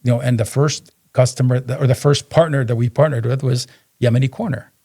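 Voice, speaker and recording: A man's voice: mid-range voice, brisk. A man, a business co-founder guesting on a podcast, telling stories casually and acting out the dialogue. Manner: animated storyteller who acts out dialogue. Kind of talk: casual interview storytelling.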